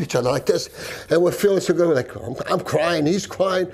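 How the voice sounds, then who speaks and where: A firefighter recalling events in an interview, telling the story vividly and with deep emotion. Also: male voice, a little fast, a little mellow. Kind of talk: recounting in an interview.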